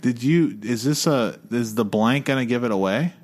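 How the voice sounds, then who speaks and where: A man hosting a casual movie trivia game, animated and quick to laugh and swear. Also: mid-range voice. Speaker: podcast host running a movie trivia game. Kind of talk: casual chat.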